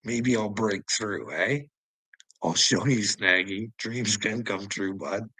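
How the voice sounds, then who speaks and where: A man's voice: on the low side, takes it slowly, bright, forceful tone, husky, no echo, low-quality recording. A Canadian man with a Canadian accent hosting a livestream, ranting casually at his chat in a crude way, swearing often and laughing between remarks. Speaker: livestream host. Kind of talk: casual rant answering chat.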